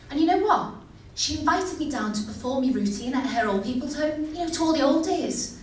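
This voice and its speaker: Cheeky scouse girl doing stand-up, high voice, sounds far off in an echoey room. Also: expressive, a little fast, a little hiss or hum. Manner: chatty, cheeky, asks the crowd questions. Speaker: stand-up comedian. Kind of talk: stand-up comedy set. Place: comedy venue. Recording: echoey venue, distant mic.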